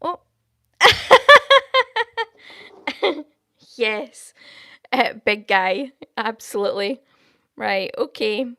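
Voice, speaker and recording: A woman's voice: mid-range voice, takes it slowly, fairly bright tone, dry recording, studio quality. A Scottish woman hosting a live stream, chatting with viewers, thanking them and giving prophecies in a friendly, talkative way. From Scotland. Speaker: livestream host giving prophecy. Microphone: studio microphone.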